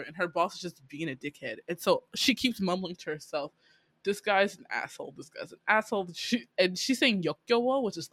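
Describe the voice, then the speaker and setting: A woman casually recapping a drama episode, animated and laughing as she acts out the characters' lines. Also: mid-range voice, no room sound. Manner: animated storytelling, laughing often, acting out lines. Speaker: podcast co-host recapping a drama. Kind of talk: casual chat.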